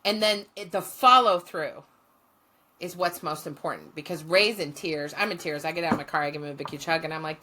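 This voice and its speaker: A woman's voice: low voice, a little fast, bright, forceful tone, slight background noise. A woman guest, a former social work teacher, telling stories in a blunt, profane and passionate way. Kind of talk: storytelling in conversation.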